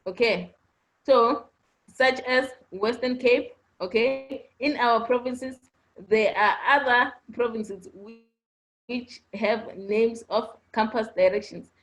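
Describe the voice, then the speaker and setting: A woman teaches a class over an online lesson, taking her time over each point. Her voice sits a little high, and she keeps circling back with a patient "okay?" to check that everyone follows. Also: takes it slowly, poor audio. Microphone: online video class audio.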